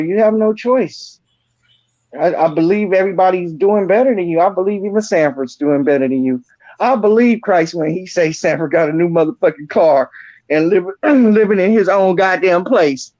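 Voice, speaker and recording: A man's voice: high-pitched, animated, normal speed, darkish tone, no room sound, lo-fi sound. A man hosting an online roast, ranting and mocking a rival with heavy cursing. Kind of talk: profane roast rant.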